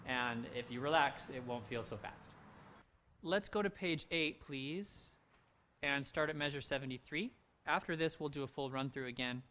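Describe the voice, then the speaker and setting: Chatty handbell director, bright voice. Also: male voice, mid-range voice, moderate pace, slight background noise. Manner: sings rhythms on nonsense syllables; encouraging, relaxed and chatty. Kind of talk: rehearsal coaching. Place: home, recorded for a virtual event.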